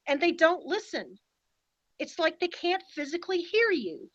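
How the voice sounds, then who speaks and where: Emphatic woman podcast guest with a high voice, dry and a bit lo-fi. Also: lively intonation, normal speed, a bit bright, no room sound. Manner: emphatic and indignant. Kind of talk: casual podcast conversation.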